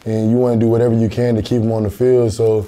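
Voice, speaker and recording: A man's voice: mid-range voice, level tone, fast, mellow. A young college football player answering interview questions in an earnest, plain-spoken way, often repeating words as he thinks. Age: young adult.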